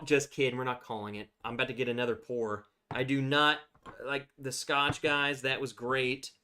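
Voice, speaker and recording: A man's voice: medium pitch, fairly even intonation, normal speed, bright, forceful tone, smooth. A man hosting a casual livestream, chatting freely, laughing often and reacting to viewer comments. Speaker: livestream host.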